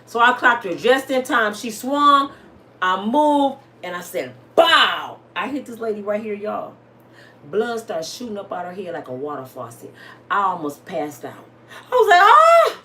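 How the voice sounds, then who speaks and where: Woman, African American Vernacular English accent, high lively voice, dramatic storytelling, faint background hiss. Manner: dramatic, addresses listeners as y'all. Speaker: storyteller host. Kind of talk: animated personal storytelling.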